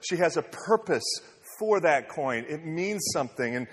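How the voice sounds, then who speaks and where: Earnest preacher in an echoey hall. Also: male voice, on the high side, lively intonation, normal speed, husky. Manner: conversational, earnest, often restarts with "like". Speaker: pastor. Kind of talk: sermon.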